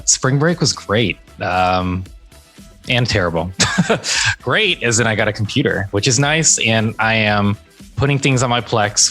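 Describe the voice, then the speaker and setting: A man's voice: on the low side, fairly bright tone. A man chatting casually on a podcast, rambling and joking. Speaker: podcast co-host. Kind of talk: casual chat.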